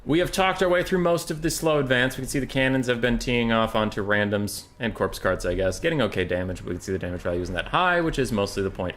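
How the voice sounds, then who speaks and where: A man's voice: lowish voice, a bit bright. Chatty young man casting a strategy game. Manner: chatty, rambling, swears casually. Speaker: game caster. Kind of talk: casual esports commentary.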